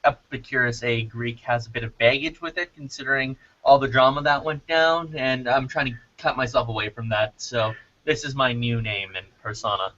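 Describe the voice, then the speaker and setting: Bright-voiced wry Canadian man. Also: medium pitch, fairly even intonation, moderate pace. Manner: wry, teasing. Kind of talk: casual group video chat. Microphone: video call. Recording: dull lo-fi online call audio.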